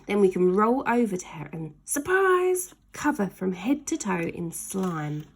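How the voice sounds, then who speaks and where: A woman voicing a mischievous, excitable young boy in a storybook reading, with eager, high-pitched exclamations. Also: moderate pace, creaky, slightly rough, full character voice. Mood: excited.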